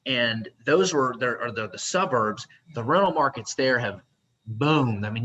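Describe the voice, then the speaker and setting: A man's voice: medium pitch, bright, forceful tone, low-quality recording. A man, a real estate investor, answering interview questions in a casual, rambling way. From Tennessee. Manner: rambling, with restarts.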